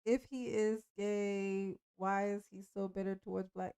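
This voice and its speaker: A woman's voice: medium pitch, steady tone, a little slow, mellow, clear, resonant tone, no echo, clean studio sound. A woman giving blunt, profane reaction commentary, laughing often. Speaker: commentary host reacting to a clip.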